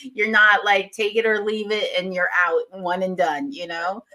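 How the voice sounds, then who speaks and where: A woman's voice: medium pitch, level tone, normal speed, bright, forceful tone, poor audio. A woman hosting a livestream interview, enthusiastic and gushing about her guest. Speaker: livestream host.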